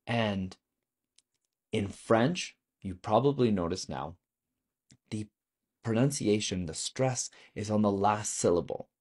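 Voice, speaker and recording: A man's voice: fairly low pitch, takes it slowly, pauses often, a little mellow. A man teaching a video lesson on French vocabulary, explaining patiently and asking the viewer questions.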